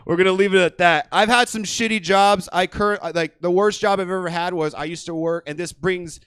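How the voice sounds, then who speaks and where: A man working the room as a stand-up comedy host, loose and rambling, swearing freely. His voice sits high, and the sound is dry and close on a stage mic in a small theater. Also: steady tone, a little fast, fairly bright tone, clean tone, no echo. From California.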